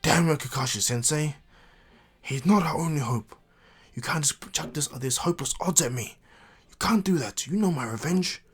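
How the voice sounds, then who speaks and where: A man voicing an angry, vengeful teenage ninja boy who shouts his demands. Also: fairly high pitch, normal speed, husky, voice pushed up. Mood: furious.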